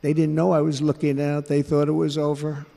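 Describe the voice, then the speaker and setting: An American man in his seventies giving a speech to a rally crowd in a large indoor arena, measured and emphatic, repeating his phrases. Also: a little high, completely flat delivery, vocal fry, dark tone. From United States. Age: 70s. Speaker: political candidate. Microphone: podium microphone. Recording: echoey arena with crowd noise.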